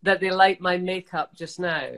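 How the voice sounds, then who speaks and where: A woman's voice: on the low side, steady tone, moderate pace, low-quality recording. A woman co-hosting a makeup vlog, trading dry, teasing jokes in casual banter. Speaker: co-host.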